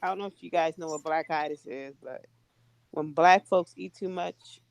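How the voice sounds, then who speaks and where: A man from California co-hosting a live stream in casual chat, his voice tired and sluggish from eating, telling stories in an animated way. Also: fairly high pitch, normal speed, gravelly, slight background noise. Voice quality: tired-sounding voice. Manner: animated storytelling, laughs often.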